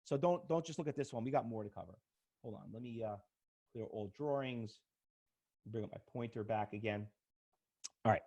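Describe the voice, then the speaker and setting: A middle-aged man giving an excitable, emphatic live seminar on stock trading, often repeating words as he acts out arguments. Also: medium pitch, normal speed, pauses often. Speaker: trading instructor presenting at an expo. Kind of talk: animated live seminar talk to an audience.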